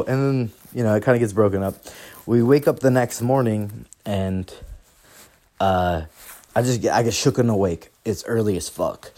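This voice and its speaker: A man's voice: fairly low pitch, normal speed, dark tone. A young man hosting a podcast, telling a story in a casual, rambling, profane way and laughing as he goes. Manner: profane, rambling, laughs through his stories. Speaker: podcast host.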